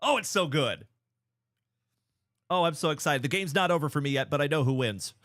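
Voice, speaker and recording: Excited card-break host, dry close sound. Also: male voice, on the high side, fast, dry recording, some chatter behind. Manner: excited, chatty, shouting out viewers. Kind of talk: casual livestream chat.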